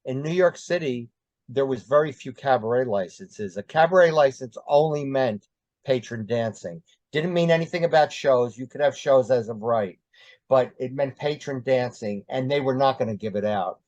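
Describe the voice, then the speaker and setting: An older man tells his story in a loose, meandering way and keeps pausing on ums and uhs. The sound is dry and a little dull, with no room tone. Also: medium pitch, a little mellow, dry recording. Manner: rambling, many ums and uhs. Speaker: interview guest. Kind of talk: casual storytelling.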